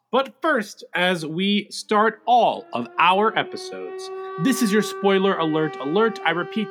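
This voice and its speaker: A man's voice: on the high side, a bit bright. A young adult man co-hosting a pop-culture podcast, moving from an upbeat scripted intro into loose chat full of ums and uhs. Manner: upbeat reading of show promos, then loose chat with many fillers. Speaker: podcast co-host. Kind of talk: casual chat.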